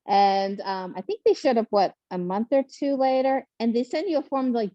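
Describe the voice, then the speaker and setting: Woman panelist, animated storyteller, dry muffled sound, mid pitch. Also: fairly quick, hardly any pauses, dry recording. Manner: animated, laughing, acts out quotes. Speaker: panelist, first-time marathoner.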